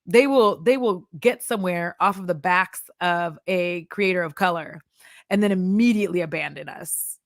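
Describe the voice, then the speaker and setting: A woman's voice: fairly low pitch, normal speed, no room sound, clean studio sound. A woman in her thirties doing a casual chat vlog while putting on makeup, talking bluntly, swearing freely and laughing often. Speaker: beauty content creator turned chat vlogger.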